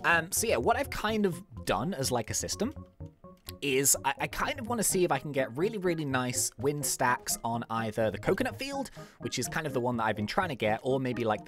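Animated woman chatting over gameplay. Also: a bass voice. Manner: rambling, many ums and likes. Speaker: gaming YouTuber. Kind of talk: casual gameplay commentary.

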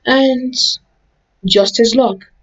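A woman's voice: on the high side, extremely slow, lo-fi sound. A woman casually telling a made-up story in a loose, rambling way, chaining events with "and" and correcting herself along the way. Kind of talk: casual fan-fiction narration.

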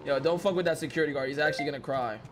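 A man's voice: on the high side, very fast, a little hiss or hum. A man role-playing a police officer in a game, repeating short, clipped commands over and over. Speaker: streamer playing a cop.

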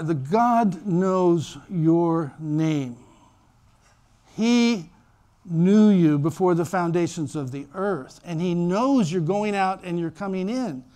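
High-voiced pastor preaching a sermon. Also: male voice, smooth. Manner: animated storytelling, acts out voices. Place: church.

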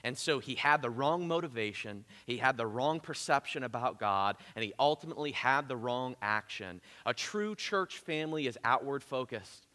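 A man preaching a sermon as pastor, emphatic, swinging between loud urgent peaks and quiet earnest lows. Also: lively intonation, moderate pace, few pauses. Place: church sanctuary. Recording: church hall with long reverb.

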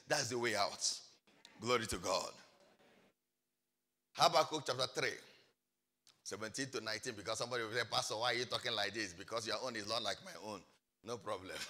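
A man preaching a sermon as pastor, swinging between hushed asides and loud, shouted exhortation. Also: medium pitch. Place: large church hall. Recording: church hall reverb.

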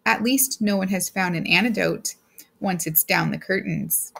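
A woman's voice: lowish voice, moderate pace, gravelly, a bit bright, husky, heavily acted. A woman reading the part of a ruthless, smug businessman husband, speaking coldly and harshly with a gloating edge.

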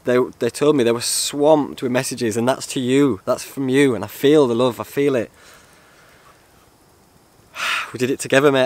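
A man chatting to camera in a casual vlog, excitable and rambling. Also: mid-range voice, normal speed, pauses often, no echo. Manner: excitable, rambling, swears and laughs often. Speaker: outdoor vlogger.

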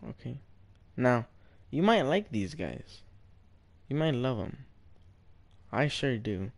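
A young man teasing a stranger over game voice chat, spinning mock-serious tall tales in a slow, unhurried delivery. He draws out names for comic effect and keeps a playful trolling tone. The sound is dry and close, with no room echo. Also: medium pitch, sing-song, creaky. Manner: playful trolling, mock-serious storytelling, drawn-out name calls. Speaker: gamer. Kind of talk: joking voice chat while playing a game.

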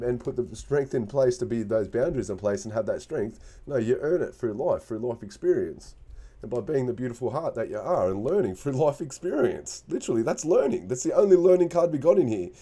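A man's voice: mid-range voice, animated, moderate pace, mellow, husky. A man giving a casual spoken tarot reading, earnest and encouraging, repeating himself and restarting phrases. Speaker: tarot reader.

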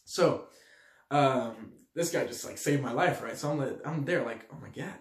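A young man from Switzerland telling a story to his audience in a slangy, animated way, acting out the quotes loudly. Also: medium pitch, normal speed, a little hiss or hum. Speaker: vlogger. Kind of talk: storytelling to camera. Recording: echoey room.

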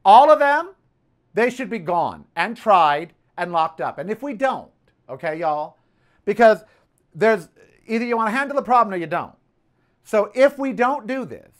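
A man's voice: sits high, normal speed. A man hosting his own podcast, talking in a sassy, chatty way about the news and his day, often calling listeners "honey.". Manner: sassy, animated, says "honey" and "okay". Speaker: podcast host. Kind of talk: casual political commentary.

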